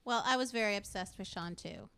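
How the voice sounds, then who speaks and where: A woman hosting a casual live show, bubbly and quick to laugh. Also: mid-range voice, creaky, a bit bright, smooth. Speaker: host. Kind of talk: casual chat on a live stream.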